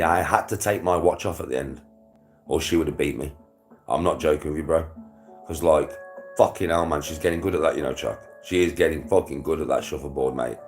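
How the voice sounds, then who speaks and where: A young British vlogger chats casually with his livestream viewers, laughing often and packing his talk with slang and swearing. His voice is a rumbling low with a slightly mellow quality.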